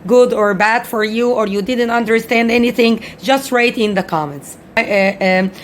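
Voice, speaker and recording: Woman teaching English, slow and repetitive. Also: fairly high pitch, a little hiss or hum. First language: Arabic. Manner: slow, repetitive explaining with many fillers. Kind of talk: casual online English lesson.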